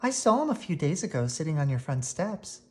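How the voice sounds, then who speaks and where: A storyteller voicing a friendly older neighbor woman in a children's storybook, sweet and unhurried. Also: mid-range voice, very animated, darkish tone, close to an everyday voice.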